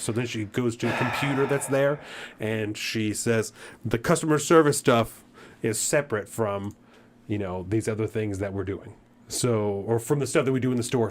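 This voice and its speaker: A man on a podcast retelling a frustrating customer service visit in casual chat, acting out both sides and swearing as he gets worked up. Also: on the low side. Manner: animated retelling that grows into irritated ranting; swears freely. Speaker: podcast co-host.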